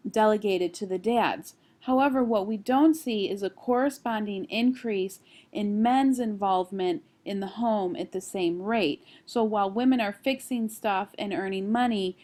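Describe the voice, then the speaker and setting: A woman in her thirties, a college instructor, giving a recorded screencast lecture at a steady explanatory pace with occasional fillers. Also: medium pitch.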